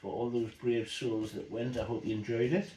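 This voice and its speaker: A man talking through a model build, relaxed and thinking aloud as he explains each step. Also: mid-range voice, moderate pace, slight background noise. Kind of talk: workshop build commentary. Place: hobby workshop bench. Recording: roomy workshop echo.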